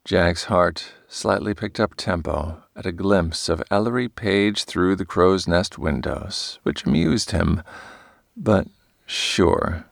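A man reads a novel aloud with deep, gravelly fry in his low voice. His delivery is measured and steady, and the recording is dry and close with no room sound. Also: dry recording. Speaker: audiobook narrator. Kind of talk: scripted narration.

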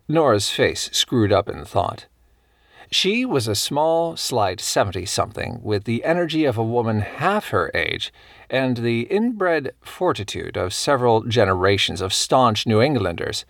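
A man reading a cozy mystery novel aloud as a measured, even audiobook narrator. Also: medium pitch, vocal fry, dry recording, studio quality.

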